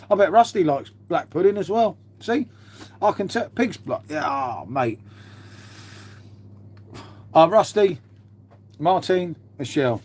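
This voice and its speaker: A man's voice: fairly high pitch, expressive, a little slow, vocal fry, slightly rough. A man chatting casually on a live stream from a half-converted garage at home, rambling, swearing now and then and calling everyone mate. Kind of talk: casual live-stream chat reading viewer comments.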